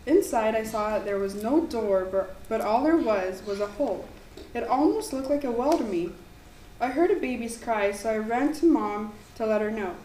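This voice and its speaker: A woman reading her own ghost story aloud in an earnest, slightly halting way. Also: on the high side, animated, dark tone. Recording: echoey room, mic far off, faint background noise.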